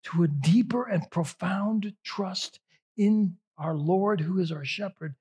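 A pastor delivering a sermon in a husky, slightly high male voice. He talks to the congregation conversationally and stretches out the words he wants to stress. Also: a little mellow. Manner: conversational, emphatic, drawn-out phrasing.

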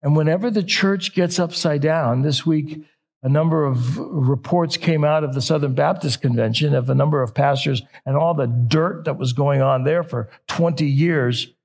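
A man's voice: on the high side, moderate pace, a little mellow, breathy edge. A middle-aged man preaching a sermon in a conversational way, often correcting himself mid-sentence. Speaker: pastor.

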